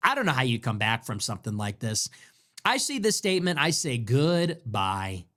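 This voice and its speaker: A man's voice: medium pitch, huge pitch swings, fairly quick, pushed and bright. A man hosting a political commentary show, ranting sarcastically and mockingly and throwing around crude insults.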